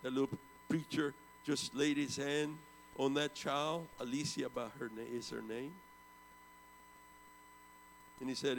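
A preacher in his seventies recounts a story from the pulpit, speaking a little slowly and pausing often. His gravelly voice moves between loud outbursts and hushed lows, and a long hall echo follows each line. There is slight background noise.

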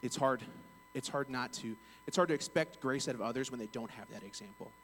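A man's voice: mid-range voice, brisk, fairly bright tone, a little hiss or hum, low-quality recording. Earnest, rambling man telling a story. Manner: earnest, rambling, many restarts. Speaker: bank customer service rep. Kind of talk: casual personal storytelling.

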